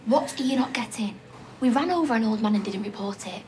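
An actress playing an anxious, guilty young woman, speaking in urgent, hushed tones. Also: fairly high pitch, animated, a little fast, a little hiss or hum, natural voice. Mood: tense. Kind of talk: TV soap drama acting.

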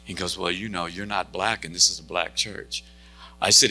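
In a church sanctuary, a male pastor delivers a sermon at a moderate pace, his low, steady voice pushed and bright. He tells a story and performs each character's lines himself.

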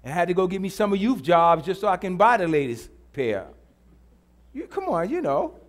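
A man's voice: high-pitched, big pitch swings, normal speed. A middle-aged man preaching a sermon in church, repeating his lines and calling out to the congregation. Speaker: pastor.

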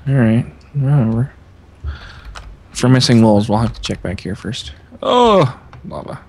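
A man's voice: medium pitch, sing-song, a little slow, gravelly, darkish tone. A young man playing a video game with a friend, talking in a sarcastic, teasing way. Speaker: co-player. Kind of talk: casual gaming banter. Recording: faint keyboard noise behind.

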